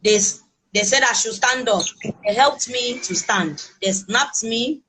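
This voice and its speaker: A woman with a Nigerian accent giving personal testimony as an interviewee, talking in a halting, emotional way with many restarts. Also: on the high side, bright, forceful tone, slight background noise, poor audio. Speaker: interviewee recounting a kidnapping.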